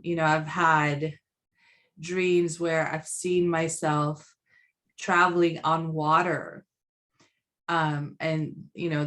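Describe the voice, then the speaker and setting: A woman's voice: sits low, fairly bright tone. A woman hosting a podcast, talking in a reflective, conversational way with many fillers. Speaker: podcast host.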